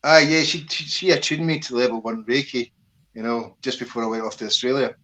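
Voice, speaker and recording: Scottish male veteran guest, animated storyteller, salty language, natural mid pitch. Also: brisk, poor audio. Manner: animated storyteller, swears freely, acts out voices. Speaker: interview guest, army veteran. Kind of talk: casual interview conversation.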